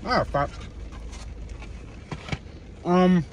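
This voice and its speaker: A security guard vlogger eats while filming a casual vlog around his car. His voice is high and expressive but a little slow with long pauses, and he rambles with plenty of fillers, restarts, and casual swearing.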